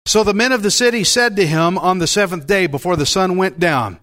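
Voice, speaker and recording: A man preaching a Bible-teaching sermon as pastor, in a folksy, joking and animated way. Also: sits high, brisk, hardly any pauses.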